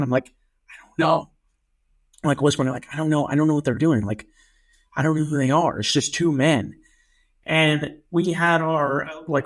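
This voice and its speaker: Animated storytelling man, slightly high voice. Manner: animated storyteller, acts out his own quoted lines. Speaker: podcast co-host. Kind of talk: casual chat.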